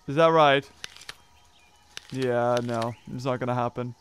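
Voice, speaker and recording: A man giving excitable let's play commentary, laughing, yelping and muttering to himself as he plays. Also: medium pitch, a little slow, pauses often, clean tone, no echo. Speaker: gameplay commentator.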